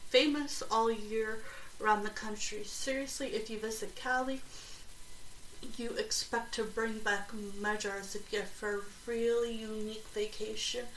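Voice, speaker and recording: A woman hosting a podcast, reading aloud slowly and haltingly and breaking off into chatty, excited asides. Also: medium pitch, a little hiss or hum. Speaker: podcast host. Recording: roomy echo, distant from mic, faint ambience.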